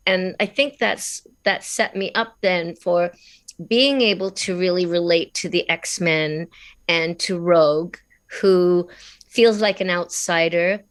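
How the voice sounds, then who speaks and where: A middle-aged woman with an Australian accent, telling stories in a casual interview as a voice actress guest, chatty and quick to laugh. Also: on the low side. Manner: warm, chatty, laughs often.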